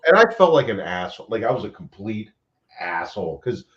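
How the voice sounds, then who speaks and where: Animated storytelling man, lo-fi sound. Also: on the low side, a little fast. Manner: animated storyteller, swears freely. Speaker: paranormal investigator host. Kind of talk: casual chat.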